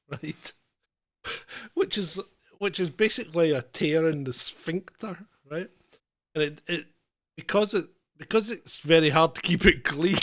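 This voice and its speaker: Comedy podcast co-host, male, slightly high voice, rambling storyteller who laughs through his lines. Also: a bit bright. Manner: rambling storyteller, laughs often mid-sentence. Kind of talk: casual comedic chat.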